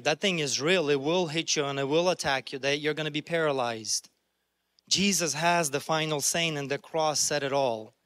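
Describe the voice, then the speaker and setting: A man's voice: a little high, fairly bright tone, dry recording. Earnest preaching man, dry sound. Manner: earnest, conversational preaching with restarts. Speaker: pastor. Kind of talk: sermon.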